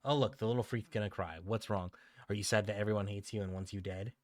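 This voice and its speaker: A man voicing a cruel, boastful village bully boy who taunts and mocks, pitched above his usual low voice. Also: fairly even intonation, fast, no echo, clean studio sound, natural voice. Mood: taunting. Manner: taunting, mocking.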